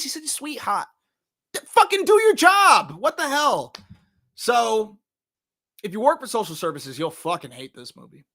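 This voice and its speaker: A man hosting a movie review show in casual chat, animated and jokey, often swearing and acting out scenes. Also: high-pitched. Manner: animated, jokey, profane, acts out scenes in put-on voices. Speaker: podcast host reviewing movies.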